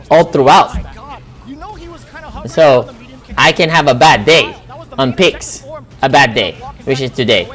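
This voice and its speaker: A young adult man streaming live, reacting to a fighting game match in casual chat, excitable and profane, repeating himself and yelling at the plays. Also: mid-range voice.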